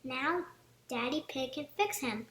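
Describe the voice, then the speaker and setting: A woman's voice: high voice, a little slow, a bit bright, roomy sound. Mummy Pig, a woman doing a soothing pig mum. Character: warm, sensible cartoon pig mum.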